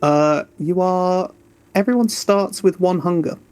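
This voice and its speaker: Guy game-mastering a tabletop game, slow, kinda high voice, lots of ums. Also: a little mellow, smooth. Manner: unhurried, with fillers.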